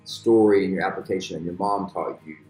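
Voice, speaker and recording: A man's voice: deep voice, fairly even intonation, fairly quick, darkish tone. A man interviewing a young woman in a friendly, rambling way with many fillers. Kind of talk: casual interview. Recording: roomy echo with faint music.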